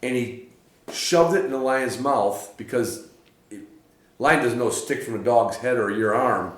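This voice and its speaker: A man's voice: medium pitch, unhurried. A man from Michigan hosting a podcast, telling a rambling story in casual chat at a hunting camp and laughing often. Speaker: podcast host. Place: hunting camp room, drinks being poured. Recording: echoey room.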